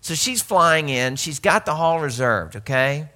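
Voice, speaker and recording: A man, from Arkansas, preaching through a funny story about himself. His voice sits a little high and sounds bright and forceful. He jokes with the listeners and trips over his words, restarting often. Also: unhurried. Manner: animated, joking, self-mocking, with many restarts. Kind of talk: humorous storytelling sermon.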